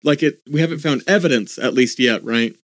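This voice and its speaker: A man's voice: mid-range voice, fairly quick, no room sound. A man co-hosting a casual podcast, thinking aloud and reading bits of articles as he talks. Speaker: podcast co-host. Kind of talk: casual chat.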